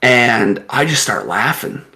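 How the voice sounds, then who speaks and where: Gravelly laughing podcast guy. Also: medium pitch, very animated, takes it slowly, bright, forceful tone. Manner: rambling, laughs often mid-story. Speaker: podcast co-host. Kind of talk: casual storytelling chat.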